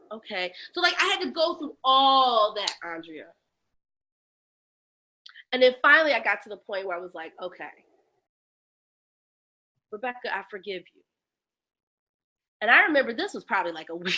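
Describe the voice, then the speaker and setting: A woman tells her own story in an interview, with a bright voice pitched a little high. She is animated and acts out other people's voices, then drops low and quiet on painful memories. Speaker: guest, lactation educator. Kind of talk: candid personal storytelling in an interview.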